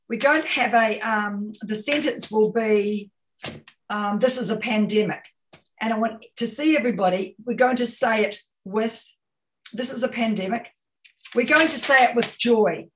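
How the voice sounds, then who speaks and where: A communication consultant with a New Zealand accent, appearing as a guest speaker, gives an expressive webinar talk over a video call, often repeating words as she goes. Her voice sits on the high side, and the audio is poor, captured from a distance.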